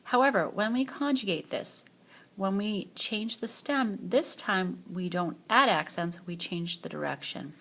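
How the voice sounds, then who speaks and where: A woman French teacher giving a screencast grammar lesson, explaining patiently and modelling phrases slowly for repetition. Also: mid-range voice, gravelly, a bit bright. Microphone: voice-over on a tablet screencast.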